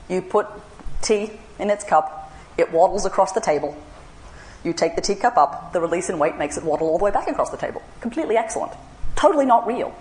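A woman speaker tells a story with a lively, swooping voice and plays out both sides of a conversation. She is recorded in a roomy, echoey hall. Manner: animated, acts out both sides of a dialogue with big pitch jumps. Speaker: speaker giving a talk. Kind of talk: storytelling lecture.

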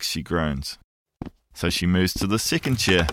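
A man telling a fairy tale aloud in a playful, expressive storytelling manner. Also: low-pitched, takes it slowly, background noise. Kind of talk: animated fairy-tale narration.

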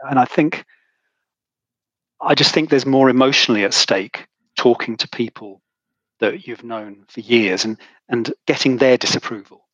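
A middle-aged man, a podcast guest and author, talking in a halting, emotional way with many restarts. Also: medium pitch, fairly bright tone, slightly rough, no echo, lo-fi sound. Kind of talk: conversational interview.

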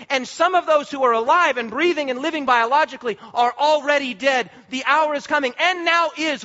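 A man preaching a sermon with passion, repeating phrases and rising to shouts for emphasis. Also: very high-pitched, dull audio.

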